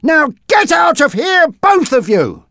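A storyteller voicing Bob, a cornered man who shouts threats and then begs for mercy. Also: sits high, wildly swooping pitch, measured pace, dry recording, studio quality, pitched above the performer's own voice, exaggerated voice. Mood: threatening. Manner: pleading, shouting. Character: desperate trapped young man.

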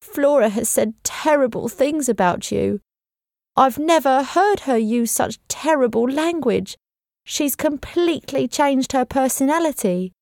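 A woman's voice: high-pitched, lively intonation, measured pace, a little mellow, no room sound, clean studio sound, voice pushed up. A woman voicing an anxious, tearful housekeeper who speaks in a pleading way. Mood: distressed.

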